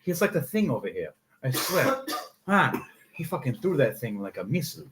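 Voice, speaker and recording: Excitable bright-voiced man running the game. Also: mid-range voice, normal speed, slight background noise. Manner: excitable, swearing, laughing often. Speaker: game master. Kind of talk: narrating a tabletop game.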